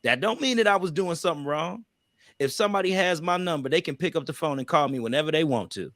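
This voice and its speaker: A man's voice: on the high side, expressive, fast talker, fairly bright tone, no room sound, studio quality. A man co-hosting a casual relationship panel discussion, emphatic and preachy, with loose vernacular speech. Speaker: podcast co-host.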